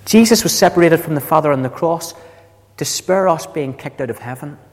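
A man preaching a sermon with dramatic delivery, slowing down for quoted words. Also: on the high side, animated. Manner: dramatic, slows for quoted lines. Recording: long hall reverb.

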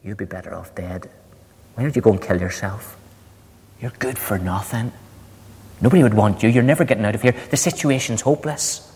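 A man voicing a cruel male jailer who whispers hopeless taunts through cell doors, low and menacing. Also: fairly quick, long pauses, darkish tone, breathy edge, in a large hall. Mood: taunting.

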